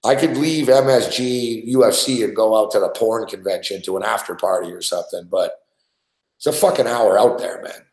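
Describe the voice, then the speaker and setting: A man's voice: fairly low pitch, normal speed, a little mellow, roomy sound, poor audio. A man from Quebec chatting casually and profanely on a betting show, with lots of "like" and "you know what I mean". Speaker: sports betting show regular. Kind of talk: casual chat. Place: studio.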